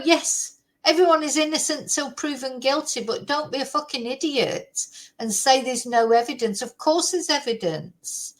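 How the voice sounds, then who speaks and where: A woman's voice: sits high, normal speed, poor audio. A woman giving casual true crime commentary to camera, exasperated and ranting, with swearing.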